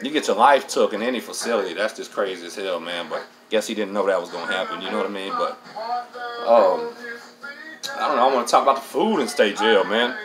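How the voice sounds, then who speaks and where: A man's voice: sits low, fairly quick, music in the background, poor audio. A middle-aged man hosts a casual storytelling monologue, streetwise and profane, dropping "man" into nearly every line. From Texas. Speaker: host.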